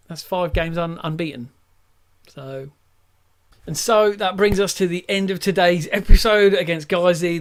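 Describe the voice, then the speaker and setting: A man chatting casually at home while playing a football management game, rambling and bursting into excited shouts when chances come. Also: a little high. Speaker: let's play host. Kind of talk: casual gameplay commentary. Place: at home at a desk.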